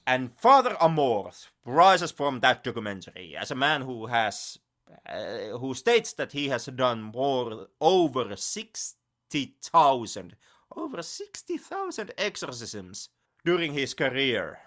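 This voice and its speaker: Animated, sarcastic man with a bright voice. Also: medium pitch, slow. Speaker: podcast co-host. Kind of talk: casual film-review chat.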